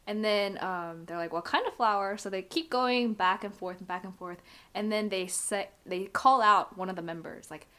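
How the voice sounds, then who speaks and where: A woman's voice: mid-range voice, normal speed, sharp tone. A woman co-hosting a casual chat, talking loosely with lots of fillers and frequent laughter. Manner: chatty, lots of "like", laughs often. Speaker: podcast co-host recapping a drama.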